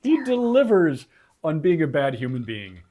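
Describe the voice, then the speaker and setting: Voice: medium pitch, sing-song, moderate pace, mellow. A co-host on a casual live-stream show, joking sarcastically and ranting in a playful way. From Texas. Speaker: podcast co-host.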